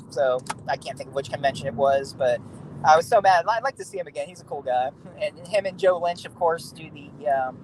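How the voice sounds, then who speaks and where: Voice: medium pitch, slight background noise, rough recording. A podcast guest chatting casually and telling a rambling story, with many fillers and laughs. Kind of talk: casual chat.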